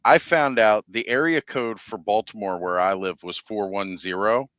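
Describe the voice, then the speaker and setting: A man's voice: on the low side, normal speed, fairly bright tone, no echo, dull audio. A man hosting a live stream, telling a story in casual chat and laughing at his own jokes.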